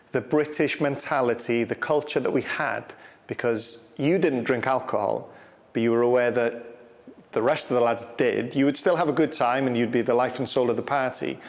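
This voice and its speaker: Relaxed interviewer. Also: male voice, mid-range voice, normal speed, big-room sound. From North Wales. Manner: relaxed, laughs while telling stories. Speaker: interviewer, former footballer. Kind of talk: friendly interview questions and anecdotes.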